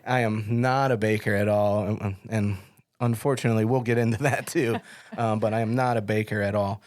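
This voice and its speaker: A man's voice: fairly low pitch, steady tone, moderate pace, darkish tone. A middle-aged man hosting an interview, chatting casually and telling stories with lots of fillers and restarts. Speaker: podcast host.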